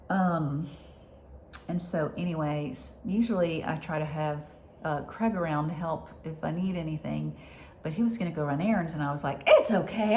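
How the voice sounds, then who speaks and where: A woman speaking candidly in a personal vlog, halting and heartfelt, with many fillers and moments where she drops to a whisper. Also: on the low side, vocal fry, darkish tone, slight background noise. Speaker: vlogger sharing her illness.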